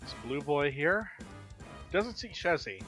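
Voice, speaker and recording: A man narrating a tabletop game as game master, calm and matter-of-fact. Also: on the high side, takes it slowly, faint music behind. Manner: relaxed, matter-of-fact rulings.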